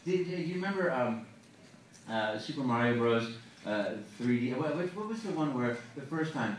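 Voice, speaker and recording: A man answering fan questions at a panel, animated, with many "you know"s and hummed tunes. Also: medium pitch, moderate pace, slight background noise. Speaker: guest voice actor at a fan panel. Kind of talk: casual Q&A with an audience. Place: large convention hall. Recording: echoey hall recorded from far off.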